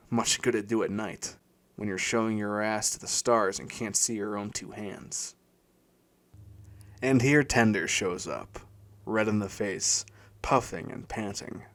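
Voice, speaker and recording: A man's voice: fairly low pitch, vocal fry, a bit bright. A man reading a first-person story aloud in a weary, wry voice. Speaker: audiobook narrator.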